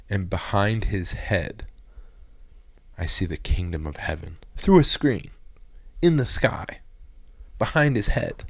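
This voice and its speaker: A man with a deep, gravelly voice gives an emotional personal testimony. He rambles and stalls, piling up fillers and restarting his sentences. The sound is dry and close, with no room echo. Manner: halting, rambling storytelling full of "like" fillers and restarts. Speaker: guest giving a personal testimony.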